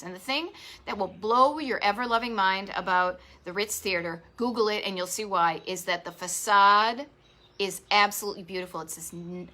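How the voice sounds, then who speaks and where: A woman's voice: mid-range voice, pushed and bright. A woman with a Boston accent hosting a retro travel live stream, talking in an enthusiastic, rambling way with lots of asides. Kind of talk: chatty live stream monologue. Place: home garage office.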